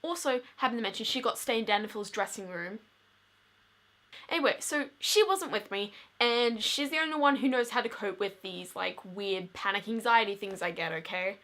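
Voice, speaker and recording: A woman's voice: mid-range voice, normal speed, a bit bright. A teenage girl telling a dramatic story in a chatty vlog, filling her speech with "like". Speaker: vlogger.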